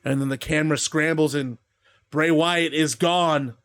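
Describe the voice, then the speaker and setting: A man's voice: a little high, steady tone, measured pace, a bit bright, clean tone. A man casually narrating a wrestling game league, rambling, swearing freely and laughing at his own stories.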